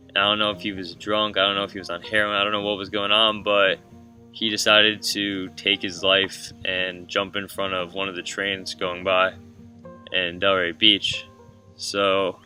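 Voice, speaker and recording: A young man in his twenties from Florida, casually telling a painful personal story with lots of fillers. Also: sits low. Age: 20s. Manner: casual, filler-heavy, emotional. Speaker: vlogger. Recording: from a distance with soft guitar music.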